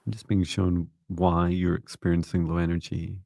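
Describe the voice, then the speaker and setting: A man co-hosting a live psychic reading stream, chatty and quick to laugh. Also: low-pitched, flat delivery, gravelly, mellow, no room sound. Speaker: co-host, psychic reader.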